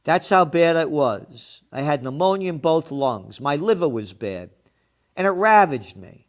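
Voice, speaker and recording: A man delivers a combative commentary rant, his voice sitting a little high. He drops profane, mocking asides and hammers his points home by repeating himself, surging from mutters to loud jabs. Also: sing-song, measured pace. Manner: emphatic, repeating words as he builds a point. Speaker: trends forecaster and magazine publisher. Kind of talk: ranting commentary monologue.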